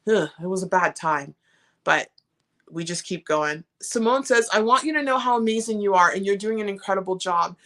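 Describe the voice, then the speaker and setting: A woman hosting a live stream, chatting casually and warmly while reading out viewer comments. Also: mid-range voice, normal speed. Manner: warm, encouraging, reads chat comments aloud.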